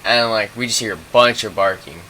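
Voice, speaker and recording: A man's voice: lowish voice, brisk, sharp tone, slight background noise. A young man telling a rambling, profane story in a casual storytime vlog, full of fillers.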